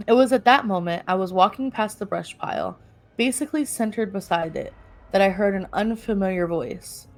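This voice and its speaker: Woman podcast co-host, mid-pitch, reads stories aloud casually with laughing asides. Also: moderate pace. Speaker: podcast co-host reading a story.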